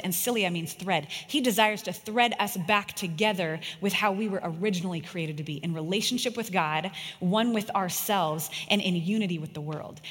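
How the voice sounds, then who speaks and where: A woman in her thirties gives an earnest sermon, emphatically sharing personal stories. Her voice is husky and on the low side, with a long echo from the large room.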